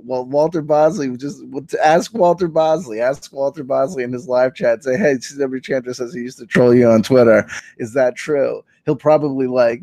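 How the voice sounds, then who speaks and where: A man hosting a stream, telling a casual story and acting out old online exchanges with laughs and quick asides. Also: mid-range voice, no room sound. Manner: animated, laughing, acts out quoted exchanges. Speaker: stream host. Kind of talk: casual storytelling with mock readings of tweets.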